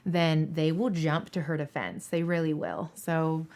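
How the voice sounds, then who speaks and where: A woman in her thirties from Seattle answers interview questions as a dispatcher. She talks candidly and earnestly, repeating her points for emphasis. Her voice sits a touch low for a woman. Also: lively intonation, a little slow, a little mellow. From Seattle, Washington State.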